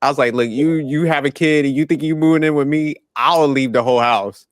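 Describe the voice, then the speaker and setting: A man's voice: on the high side, brisk, clean tone, no room sound, studio quality. A man, chatting bluntly and profanely on a podcast and laughing at his own remarks. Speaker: podcast host. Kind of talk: casual chat.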